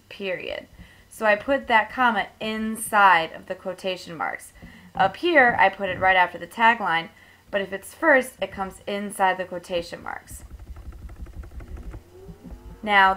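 A woman's voice: medium pitch, fairly bright tone. Woman teacher explaining step by step. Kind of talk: classroom tutorial.

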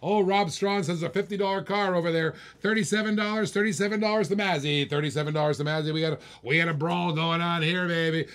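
A man calls bids on a live-stream auction, all hyped-up patter and playful teasing of the bidders. His voice sits a bit high for a man. He talks like a showman working a crowd. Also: fairly even intonation, quick pace, hardly any pauses, fairly bright tone. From Australia.

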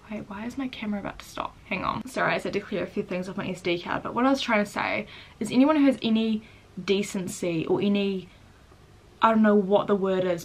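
A teenage girl vlogging casually, chatty and quick, turning earnest and close to tears as she speaks her mind. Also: mid-range voice. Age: teens. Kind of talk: casual day-in-the-life vlog and rant.

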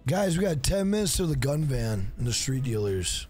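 A man's voice: medium pitch, sing-song, normal speed, darkish tone, soft background music. A man streaming a fighting game live, talking casually, swearing freely and trash-talking the opponent. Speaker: gaming streamer.

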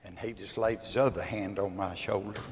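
A man's voice: lowish voice, fairly even intonation, fairly quick. An older man preaching, telling a folksy story that acts out both sides of a quarrel. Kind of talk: sermon testimony. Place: church sanctuary. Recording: long church reverb.

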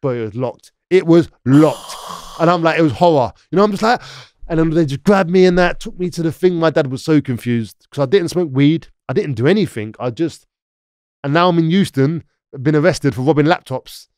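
A man's voice: a little high, animated, brisk, a little mellow, no room sound, clean studio sound. A man from London with a London accent, a podcast guest telling rambling stories full of "like" and "yeah?". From London, England. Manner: rambling, frequent "like" and "yeah?" tag questions. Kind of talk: casual storytelling interview.

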